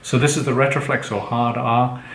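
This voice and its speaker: A man teaching pronunciation, explaining slowly and patiently and prompting his partner for examples. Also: medium pitch, level tone, fairly bright tone. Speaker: language teacher. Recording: echoey room with faint background noise.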